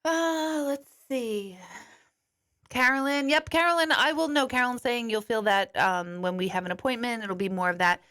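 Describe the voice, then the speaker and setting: A woman's voice: fairly high pitch, moderate pace, hardly any pauses, fairly bright tone. A woman working as an intuitive medium, answering viewer comments in a candid, chatty live stream from a studio, swearing now and then and apologizing. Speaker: intuitive medium and life coach.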